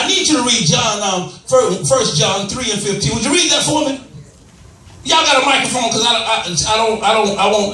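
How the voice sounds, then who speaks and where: An older man, preaching an animated call-and-response sermon, shouting, laughing and teasing his congregation. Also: high-pitched. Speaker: bishop preaching. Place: church sanctuary. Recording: echoey church sanctuary, mic at a distance.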